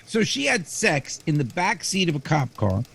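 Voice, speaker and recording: A man's voice: fairly high pitch, sing-song, moderate pace, gravelly, a bit bright. A male podcast co-host from Florida who cracks jokes, laughs often and acts out imagined quotes. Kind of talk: comedic podcast banter.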